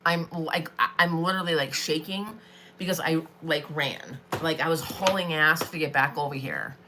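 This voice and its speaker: A woman in her forties hosts a live craft stream. She talks in a rambling, chatty way with lots of fillers. Her voice sits a little low and comes across bright and forceful, with a faint hiss of noise behind it. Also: normal speed. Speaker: craft vlogger.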